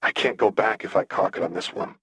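A man voicing a blunt, earnest young male gang leader with a husky voice. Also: sits low, brisk, a bit bright, no room sound, heavily acted. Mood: wry.

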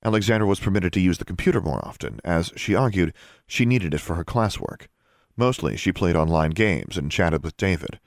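A man giving measured scripted narration of an audiobook. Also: low-pitched, expressive, creaky, no echo, clean studio sound.

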